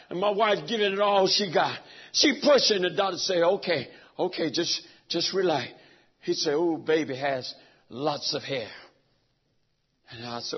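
A high-pitched, husky man preaching with raw feeling, his voice falling low and then breaking into shouts. The recording is dull and lo-fi, and he sounds middle-aged. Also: moderate pace. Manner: emotional storytelling, swings from hushed to shouting. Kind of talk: sermon.

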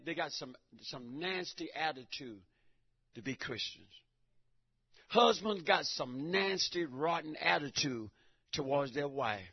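A middle-aged man preaching a fervent church sermon, swinging between shouted lines and hushed passages, stammering and repeating words. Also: a little high, breathy edge. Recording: dull lo-fi recording.

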